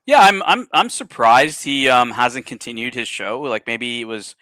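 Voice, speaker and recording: A man's voice: mid-range voice, animated, moderate pace, sharp tone, dry recording. A man hosting a casual livestream chat, rambling with many fillers. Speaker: livestream host.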